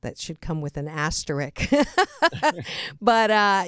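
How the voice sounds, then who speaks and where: A woman's voice: mid-range voice, sing-song, slow, fairly bright tone, clean tone, no echo, studio quality. A middle-aged woman hosting a radio interview, chatty, laughing at herself and restarting sentences. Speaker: host.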